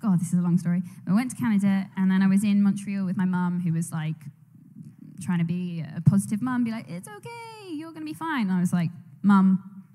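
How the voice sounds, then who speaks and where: A young woman tells a meandering story on a panel stage, her voice mellow and soft-edged. She laughs easily and trails off mid-sentence. The sound carries a long reverb from a large hall. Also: fairly low pitch, steady tone, fast talker. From England. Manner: rambling, laughs often, trails off and restarts. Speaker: actress on a convention panel. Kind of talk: casual storytelling. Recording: echoey convention hall on a mic.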